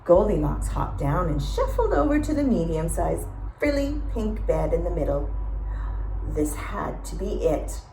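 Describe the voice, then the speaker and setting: A woman reading a children's story aloud, slow and expressive, pausing to ask the listeners questions. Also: fairly low pitch, creaky, slight background noise. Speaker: storytime reader. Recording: echoey room.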